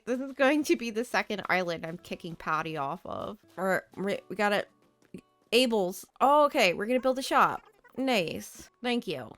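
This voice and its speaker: A woman's voice: mid-range voice, animated, moderate pace, fairly bright tone, smooth, dry recording. A young woman giving playful, chatty, self-mocking commentary while playing a life-sim game. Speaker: gaming creator. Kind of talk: casual gameplay commentary.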